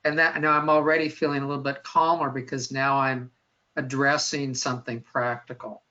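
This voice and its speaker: A man's voice: mid-range voice, flat delivery, moderate pace, sharp tone. A man interviewing a guest in a webinar, thinking aloud with restarts and repeated words. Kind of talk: conversational webinar questions. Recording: dull lo-fi webinar audio.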